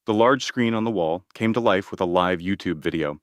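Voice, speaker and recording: A man narrating a scripted story with a measured, even delivery. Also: low-pitched, no room sound, clean studio sound.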